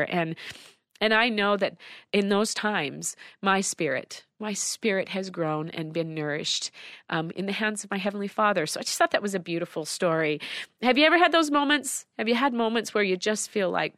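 A woman's voice: medium pitch, moderate pace, fairly bright tone, no room sound, studio quality. Earnest woman hosting a devotional. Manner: earnest and heartfelt, shares personal faith. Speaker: host of a daily devotional show. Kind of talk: devotional talk.

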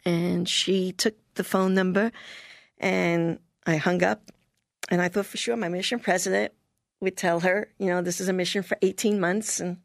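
An older woman being interviewed, telling a personal story in a lively way and often laughing. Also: on the low side, vocal fry, no echo, clean studio sound.

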